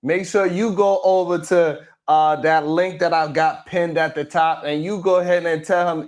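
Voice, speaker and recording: A man's voice: on the high side, steady tone, normal speed, hardly any pauses. A man hosting a morning show livestream, chatting casually and joking as he talks straight to his viewers.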